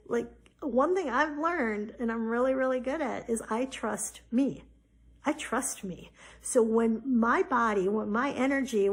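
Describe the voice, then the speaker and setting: A woman in her forties talks in a fairly high voice, casual and chatty, peppering her story with fillers. She grows animated as she retells moments from her life on her podcast. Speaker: podcast host. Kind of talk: personal story, casual spiritual talk.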